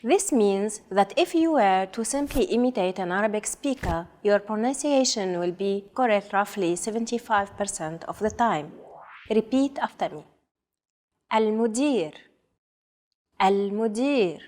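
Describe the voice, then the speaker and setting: A woman co-hosting a scripted language lesson, enunciating words slowly and carefully for learners to repeat. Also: mid-range voice, animated, a little mellow, big-room sound. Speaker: co-host and pronunciation model.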